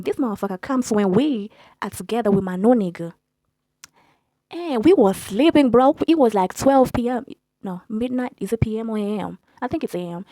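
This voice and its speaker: A young woman telling a story in a blunt, profane, animated way as a storytime vlogger. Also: on the high side, no echo. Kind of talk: casual storytelling.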